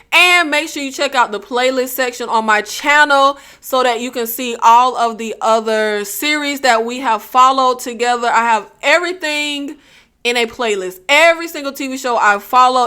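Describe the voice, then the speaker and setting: A woman with a high, bright voice reviews a TV episode in a loose, chatty way. She is from the Southern United States, drops slang like "y'all" and "child" into her talk, and laughs easily as she goes. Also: smooth. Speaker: TV review channel host. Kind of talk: casual chat review.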